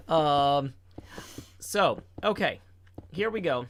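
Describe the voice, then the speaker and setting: A man streaming a game and chatting casually, rambling with playful deadpan jokes. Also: fairly high pitch, very slow, slight background noise. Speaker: streamer and co-host. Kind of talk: casual chat while gaming.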